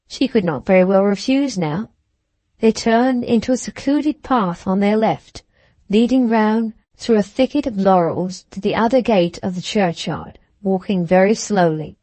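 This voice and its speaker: Mellow woman reading a classic novel. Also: mid-range voice, no room sound. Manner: measured, even reading. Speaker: audiobook narrator. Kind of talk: scripted narration.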